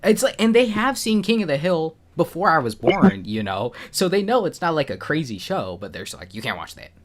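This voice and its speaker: Young dude on a stream, voice jumps all over, jokey stories. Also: male voice, high-pitched, a little fast, a crowd in the background. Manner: animated storytelling, jokey. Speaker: podcast co-host. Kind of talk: casual chat.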